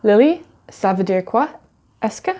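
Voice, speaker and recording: A woman from Canada playing a learner in a lesson sketch, playful and expressive. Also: medium pitch, normal speed. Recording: clear background music.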